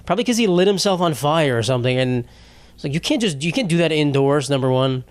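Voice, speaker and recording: Young male comedian host, loose profane storyteller, slightly higher pitch, dry recording. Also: animated, fast, no echo. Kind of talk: solo podcast monologue.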